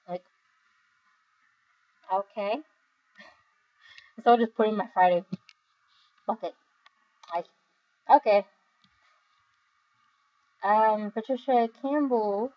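A tired young woman reading viewer comments in a casual, rambling chat, giggling often and filling pauses with "um" and "like". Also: medium pitch, highs cut off. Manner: giggly, rambling, with many fillers. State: overly tired. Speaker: video creator reading comments.

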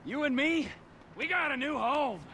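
A cocky game crook, high and lively, music under him. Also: male voice, moderate pace, slight background noise, exaggerated voice. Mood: swaggering. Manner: swaggering, sly. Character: brash scheming male criminal, adult.

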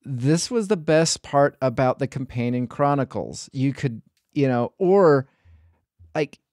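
A man's voice: mid-range voice, lively intonation, measured pace, a little mellow, dry recording, studio quality. A man hosting a podcast, chatting casually in a rambling way, full of restarts and hedges. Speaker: podcast host.

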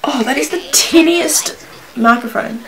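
A bubbly woman chats through a casual reaction video, gushing and laughing as she goes. Her voice sits a little high, and a busy crowd murmurs behind her. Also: measured pace, gravelly. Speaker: beauty and pop culture vlogger.

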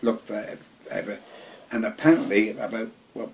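A man's voice: on the low side, moderate pace, slight background noise. An older man, recalling his war service in casual conversation at home, rambling, repeating himself and swearing freely. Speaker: veteran interviewee. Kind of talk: casual reminiscing.

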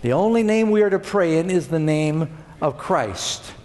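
A middle-aged man preaching from the pulpit, his fairly high voice rising and falling with lively emphasis. He keeps tossing rhetorical questions to the congregation. The sound rings out with a long reverb through the church sanctuary. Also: moderate pace. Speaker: pastor. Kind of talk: sermon.

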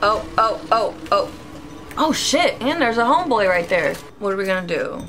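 A woman's voice: medium pitch, sing-song, normal speed, over music. A young woman giving casual let's-play commentary, chatty and reactive, talking to her viewers with sudden yelps. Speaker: gaming YouTuber.

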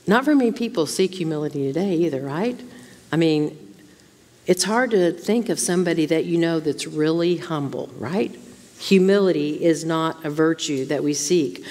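A woman's voice: lowish voice, a little mellow. Woman teaching in a reverberant church hall. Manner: informal, asks many rhetorical questions. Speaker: Bible teacher at a women's conference. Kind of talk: conversational sermon.

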